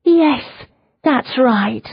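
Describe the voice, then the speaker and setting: A woman's voice: high voice, expressive, extremely slow, creaky, husky, muffled recording, voice pushed up, heavily acted. A woman reading an audiobook voices a terrified, half-mad young woman prisoner who wails and clings to her fixed idea. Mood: frantic. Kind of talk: audiobook character voice.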